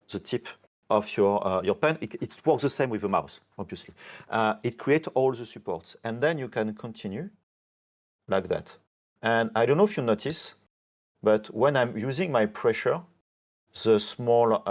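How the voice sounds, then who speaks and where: A man who is not a native English speaker, demonstrating software on a live stream, halting, with many fillers and self-corrections. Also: on the low side. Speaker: software team member demonstrating features.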